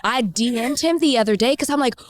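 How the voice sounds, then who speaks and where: A woman co-hosting a podcast, interviewing a guest with animated questions, playful teasing and big jumps in her pitch. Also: a little fast. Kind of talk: casual interview chat.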